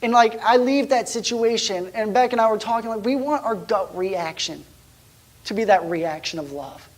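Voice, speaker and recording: This man preaches by telling a personal anecdote in a relaxed, chatty manner, often restarting and lowering his voice to a hushed near whisper. He is a pastor whose voice sits high, at a normal speed.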